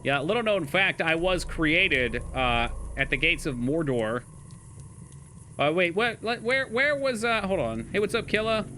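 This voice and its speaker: A man's voice: high-pitched, lively intonation, normal speed, bright, forceful tone, slight background noise. A young man streaming a game live, chatting casually with his chat, swearing and laughing often.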